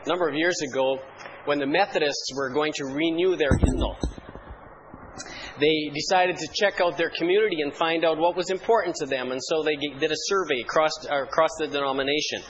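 A man's voice: a little high, fairly even intonation, brisk, muffled recording, a little hiss or hum. A man preaching a sermon, telling humorous church stories with dry wit before turning to scripture. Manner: dry storytelling humor, mock-solemn archaic hymn recitation. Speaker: pastor.

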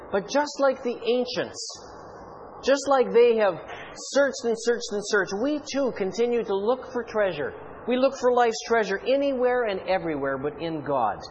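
A man preaching a sermon in an animated, rhetorical way with playful asides. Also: high-pitched, muffled recording, a little hiss or hum.

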